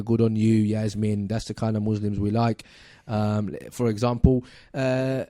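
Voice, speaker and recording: A man's voice: mid-range voice, mellow, dry recording, clean studio sound. A man co-hosting a talk radio show in casual chat, sarcastic and laughing often as he reads tweets aloud with plenty of fillers. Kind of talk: casual current affairs chat.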